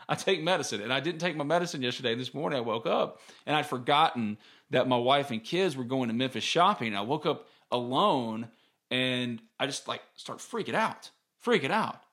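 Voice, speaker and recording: A man in his 30s with a slightly bright, mid-range voice hosts a casual sports podcast. He tells stories in a candid, rambling manner.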